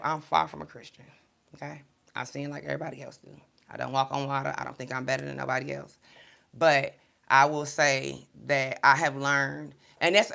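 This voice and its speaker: A low-pitched woman with a gravelly edge tells a story in a casual vlog. Her tone is bright and forceful, candid and emphatic. She drifts into preachy asides as she talks. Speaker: spiritual card reader and vlogger.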